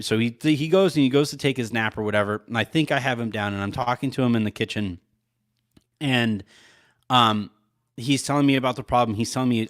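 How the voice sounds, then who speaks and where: A man's voice: medium pitch, brisk, a bit bright. A man co-hosting a podcast, telling a long story in a loose, rambling way full of "like" and frequent laughs. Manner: rambling, lots of "like", laughs often. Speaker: podcast co-host. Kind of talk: casual chat, storytelling.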